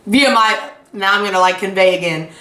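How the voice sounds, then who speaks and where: A woman's voice: mid-range voice, brisk, pushed and bright. Rambling woman player at a tabletop game. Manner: rambling, hesitant, full of fillers. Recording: roomy, distant mic.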